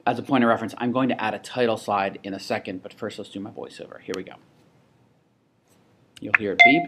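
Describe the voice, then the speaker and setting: A man with a young child, teaching a software tutorial in a casual, think-aloud way, with restarts and asides. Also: lowish voice, steady tone, fast, pauses often, slightly rough. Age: adult with a child. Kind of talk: screen-recorded tutorial.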